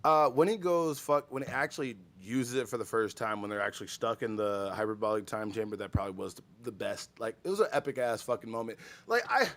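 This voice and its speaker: A tired man co-hosting a podcast in casual chat, excitable and swearing a lot, often trailing off mid-thought. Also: medium pitch, quick pace, few pauses. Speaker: podcast co-host.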